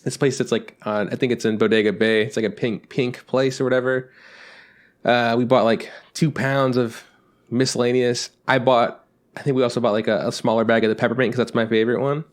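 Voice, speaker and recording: Fast-talking man telling rambling stories. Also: mid-range voice, level tone. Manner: rambling anecdotes with acted-out quotes, swears freely. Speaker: podcast co-host. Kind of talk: casual storytelling chat.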